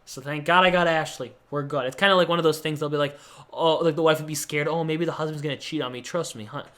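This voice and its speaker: A young man hosting his own podcast, telling a childhood story in a rambling, self-mocking way with quick bursts of excitement. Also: on the high side. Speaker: podcast host. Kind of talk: casual storytelling monologue.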